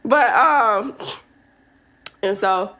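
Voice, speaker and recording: Very slowly and in a mid-range voice, a woman in her thirties shares a personal story on her podcast, candid and full of swearing, laughing often as she goes. The recording is very noisy.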